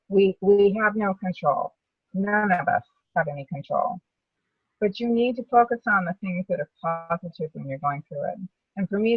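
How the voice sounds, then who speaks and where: A woman's voice: lowish voice, breathy edge, dry recording, distant mic, dull audio. A woman sharing her personal story as a survivor in a webinar, talking in an earnest, reflective way. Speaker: brain tumor survivor panelist. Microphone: video call.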